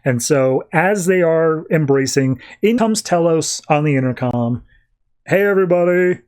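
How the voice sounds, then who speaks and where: A male podcast host recapping a story casually, with breezy, jokey narration. His voice sits a little higher than most men's. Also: expressive, unhurried, darkish tone.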